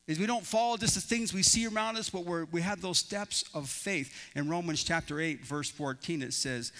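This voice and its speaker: A man's voice: sits high, lively intonation, fairly quick, few pauses, fairly bright tone. A male pastor preaching a sermon in an earnest storytelling manner, often restarting his phrases. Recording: long reverb in a large hall.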